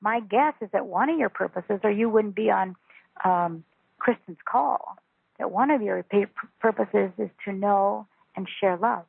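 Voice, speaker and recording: A woman, a spiritual teacher, talking calmly and earnestly as a guest on a phone interview. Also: mid-range voice, creaky, slightly rough, no room sound. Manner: calm, earnest, instructive. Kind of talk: interview over a phone call. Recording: tinny phone line.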